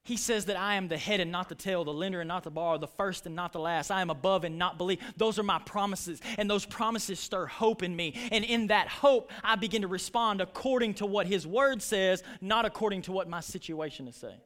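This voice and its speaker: High-voiced impassioned pastor. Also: male voice, a little fast, hardly any pauses, a bit bright. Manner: impassioned preaching, retelling stories with voices. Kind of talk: sermon.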